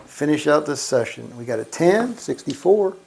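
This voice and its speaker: A man's voice: a little high, big pitch swings, normal speed, gravelly, darkish tone, a little hiss or hum. A man giving casual running commentary while he plays, calling out each dice roll and muttering mild curses. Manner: calls out dice rolls, mutters mild cursing. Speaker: gambling vlogger. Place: casino electronic craps machine.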